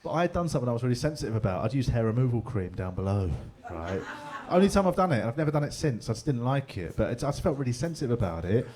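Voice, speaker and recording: Laddish middle-aged London comedian. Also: male voice, medium pitch, very animated, rapid-fire, darkish tone. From England. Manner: chatty, laddish, swears freely, laughs along. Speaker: stand-up comedian. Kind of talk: stand-up comedy set. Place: pub comedy room with live audience.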